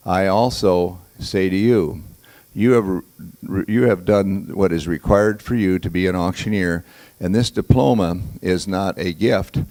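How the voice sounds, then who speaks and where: Low-voiced man giving a graduation speech. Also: a little mellow. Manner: halting, with many fillers and restarts. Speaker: auction school leader hosting a graduation. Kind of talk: ceremony speech to a graduating class. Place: graduation ceremony before a live audience.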